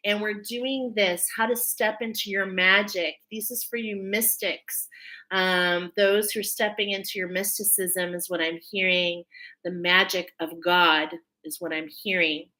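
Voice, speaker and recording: A woman's voice: mid-range voice, steady tone, a little slow, pushed and bright. A woman hosting a live stream as a spiritual reader, chatting casually and spontaneously, thinking aloud and laughing often.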